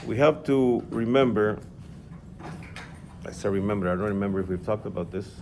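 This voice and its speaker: A man's voice: on the low side, normal speed, vocal fry, darkish tone, slight background noise. A man teaching an informal religious class, explaining step by step and checking in with his student.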